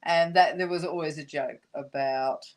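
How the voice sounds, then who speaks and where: An Australian woman hosting a live craft class, chatting in a relaxed, halting way and laughing often. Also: deep voice.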